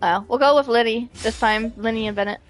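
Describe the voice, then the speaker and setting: Giggly, high-voiced woman game streamer. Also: fairly quick, soft background music. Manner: giggly, laughs often, reads chat aloud. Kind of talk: casual live commentary.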